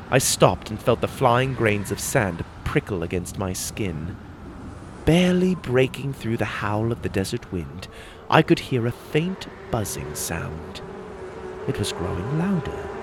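A man reading a first-person adventure story aloud with a dramatic, expressive delivery. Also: mid-range voice, a little hiss or hum. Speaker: narrator.

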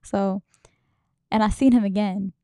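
A woman's voice: mid-range voice, steady tone, measured pace, mellow, no room sound, studio quality. A young woman hosting a podcast, talking in a rambling, emotional way, swearing and laughing often. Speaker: podcast host. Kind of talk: casual podcast monologue.

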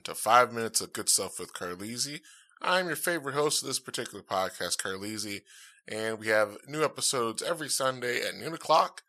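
A podcast host chats casually on his own show, rambling and upbeat with plenty of fillers, speaking into a dynamic podcast mic. His medium-pitched voice is expressive, pushed and bright, at a normal speed.

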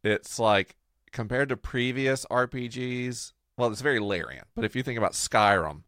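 A man co-hosting a podcast in casual, playful chat, often trailing off low and quiet at the ends of phrases. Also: normal speed, dry recording, clean studio sound. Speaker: podcast co-host.

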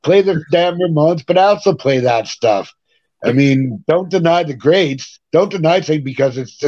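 A middle-aged man, a punk rock singer, telling stories as a podcast guest in a casual, animated way, swearing and laughing between anecdotes. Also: mid-range voice, dry recording. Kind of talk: casual interview storytelling. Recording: dry, dull lo-fi sound.

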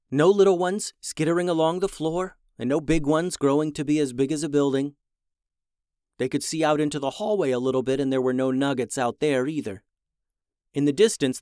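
A man narrating a children's adventure story in an animated, dramatic way. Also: mid-range voice, clean tone, no echo, studio quality. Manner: animated, dramatic rises in tension.

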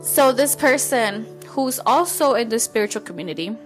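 A woman hosting a podcast, telling a story in a casual monologue. She is candid and blunt, swears freely, and tells it with animated energy. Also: fairly high pitch, normal speed, soft background music. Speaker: podcast host.

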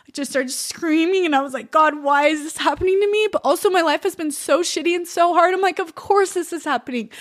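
Young woman, high-pitched, podcast guest, candid and emotional, lots of "like". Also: a little fast, hardly any pauses. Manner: emotional, chatty, many "like"s and quoted thoughts. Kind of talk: candid personal storytelling.

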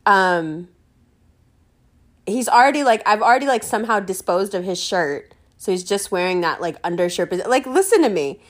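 A young woman from New York City telling a story in casual chat, animated and full of laughter, with lots of fillers and swearing. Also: mid-range voice, normal speed.

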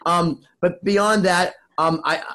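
A man's voice: high voice, takes it slowly, crowd noise. A man, a band member and wedding DJ, rambling and swearing freely in casual podcast chat. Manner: rambling, profane, excitable storyteller.

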